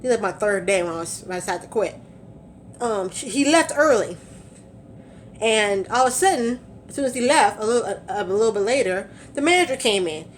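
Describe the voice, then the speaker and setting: A woman's voice: mid-range voice, lively intonation, brisk, slight background noise. A young woman vlogging from her car, chatting casually, a little out of breath, with lots of fillers and laughs. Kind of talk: casual storytelling vlog.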